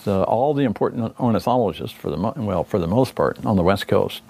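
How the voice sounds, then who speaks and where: Expressive and brisk, this older man's voice is fairly low, creaky, and a little mellow as he recalls leading a condor recovery team. The interview reflection meanders, full of filler words and corrections along the way.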